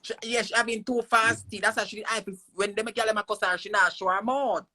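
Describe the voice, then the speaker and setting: A woman's voice: medium pitch, steady tone, brisk, sharp tone. A woman with a Jamaican accent gossiping and telling a story on a live stream.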